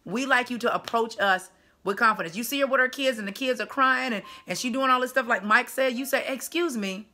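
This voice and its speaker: A woman's voice: fairly high pitch, a little fast, bright, forceful tone. A woman dating coach giving casual video commentary in an emphatic, chatty way with punchy asides.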